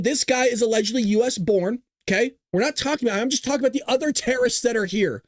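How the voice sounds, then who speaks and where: A man's voice: extremely high pitch, dry recording. A man hosting a political livestream and ranting heatedly, with a lot of swearing, recorded in a small closet. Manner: fired-up, profane, ranting. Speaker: host of a political livestream show. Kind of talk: live-streamed rant.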